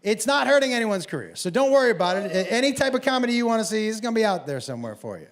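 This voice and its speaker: Loud, profane stand-up comic man. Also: high-pitched, sing-song, very fast. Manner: loud, profane storytelling with bursts of shouting. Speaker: stand-up comedian. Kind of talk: stand-up comedy set. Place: comedy club stage before a laughing audience. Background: audience laughter and room ambience.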